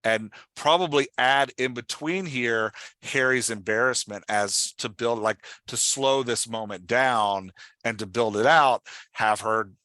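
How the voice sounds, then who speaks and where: A man hosting a podcast, explaining with excited, fast-flowing talk in a casual discussion. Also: mid-range voice, no room sound. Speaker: podcast host.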